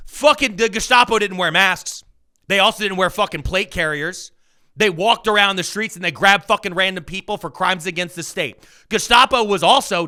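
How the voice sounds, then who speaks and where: A man on a political podcast, ranting with fierce, profane anger, his voice jumping between loud outbursts and quiet mutters. His tone is very bright and cutting. It sits fairly high for a man. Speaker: podcast co-host. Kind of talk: heated political rant.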